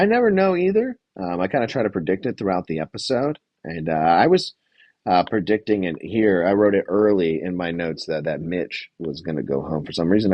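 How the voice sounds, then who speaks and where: A man's voice: sits low, no room sound, muffled recording. A young man hosting a casual show recap, rambling and swearing with lots of fillers while reading chat aloud. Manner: reads live chat aloud. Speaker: podcast host reviewing a reality show.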